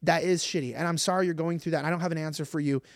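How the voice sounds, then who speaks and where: A man's voice: fairly high pitch, very fast, dry recording, studio quality. A man co-hosting a podcast, chatting casually and rambling with lots of fillers. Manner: rambling, animated, many fillers. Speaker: podcast co-host. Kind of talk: casual live-stream chat.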